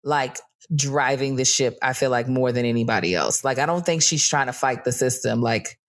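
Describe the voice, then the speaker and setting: A woman's voice: a bass voice, normal speed. A woman co-hosting a podcast, recapping a reality dating show in casual, profane chat with mocking impressions. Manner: chatty, swears freely, slips into mocking impressions. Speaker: podcast co-host.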